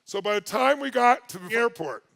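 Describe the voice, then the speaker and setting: A man with a high, gravelly voice tells a story to an audience. He talks in a lively, animated way, sometimes nearly shouting, then drops to a quiet, earnest tone. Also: normal speed. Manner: lively, swings from loud exclaiming to quiet earnest. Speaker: speaker telling a story to an audience.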